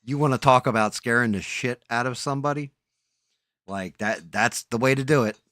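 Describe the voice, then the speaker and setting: A man's voice: mid-range voice, moderate pace, a bit bright, no room sound, clean studio sound. A man hosting a casual live stream, rambling and swearing casually as he tells a story against himself.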